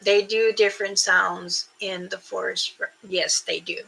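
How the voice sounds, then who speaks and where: An older woman hosting a casual live stream, chatting slowly with viewers and imitating creature calls. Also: mid-range voice, level tone, vocal fry, sharp tone, husky, rough recording. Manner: slow, unhurried talk with frequent fillers. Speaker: livestream host.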